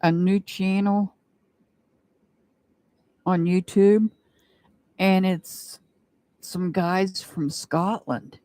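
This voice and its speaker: A woman's voice: mid-range voice, steady tone, extremely slow, long pauses, mellow, dry recording. A woman doing a live-stream tarot reading, chatting and rambling with her viewers and laughing often. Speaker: tarot reader.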